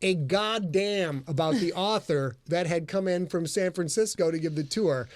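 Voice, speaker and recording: A man with a somewhat high voice hosts a casual podcast. He tells stories with lively energy and plenty of swearing, sometimes shouting out other people's lines. The room sounds dry. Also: normal speed, no room sound. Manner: animated, profane, does loud voices in anecdotes. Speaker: podcast host. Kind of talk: casual chat, storytelling.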